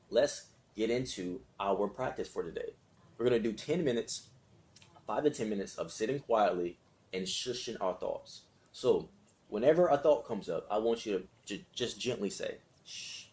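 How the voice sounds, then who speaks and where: A man with a warm voice on the low side leads a casual self-help lesson and guided meditation. He talks conversationally and repetitively, checking in with his listeners often and laughing between phrases.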